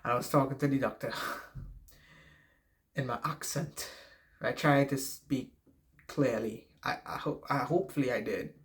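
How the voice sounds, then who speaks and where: A man's voice: mid-range voice, a little slow, pauses often. A man with a noticeable accent giving casual life advice to camera, rambling, correcting himself and swearing freely. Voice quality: noticeable non-native accent.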